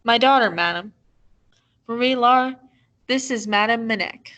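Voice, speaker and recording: A woman's voice: a little high, a little slow, a bit bright, highs cut off. A woman reading a novel aloud, voicing a tired father who speaks politely and gratefully.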